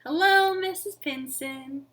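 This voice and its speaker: A woman voicing a cheerful, polite male lion who wonders aloud in a bright, sing-song way. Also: sits high, slow pace. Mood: friendly wondering.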